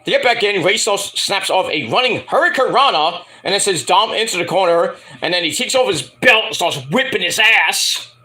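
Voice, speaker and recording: A man giving a casual, profane, animated recap as a wrestling show reviewer. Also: high voice, moderate pace, few pauses.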